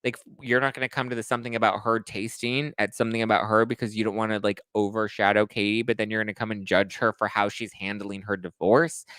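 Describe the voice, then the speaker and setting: A man hosting a casual reality TV recap, talking in a sassy, dramatic way with quick asides. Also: lowish voice, flat delivery, fairly bright tone, clean tone, dry recording. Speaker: host.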